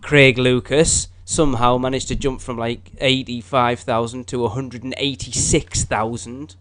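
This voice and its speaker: A man co-hosting a theme-park podcast, chatting casually in a rambling way that gets excitable and high when worked up. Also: a little slow. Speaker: podcast co-host. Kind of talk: casual chat.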